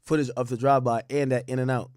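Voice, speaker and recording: A man giving casual, animated commentary on courtroom testimony, speaking in heavy slang and repeating his points for emphasis. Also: mid-range voice, quick pace, smooth, dry recording, clean studio sound.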